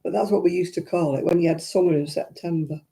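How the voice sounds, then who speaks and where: Low, creaky and mellow, her voice holds a steady tone even though she talks fast. The speaker is an older woman with a Lancashire accent from Royton, North West England, casually chatting through viewer comments on her crafting livestream and chuckling often.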